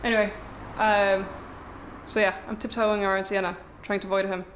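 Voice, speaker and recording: A woman's voice: medium pitch, flat delivery, moderate pace, slight background noise. A young woman, a travel vlogger chatting casually to camera in a rented apartment, rambling and wry.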